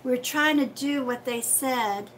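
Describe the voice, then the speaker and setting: A woman's voice: sits high, slow pace, fairly bright tone, slight background noise, poor audio. A woman hosting a casual livestream as a psychic reader, chatty and friendly, calling viewers sweetheart.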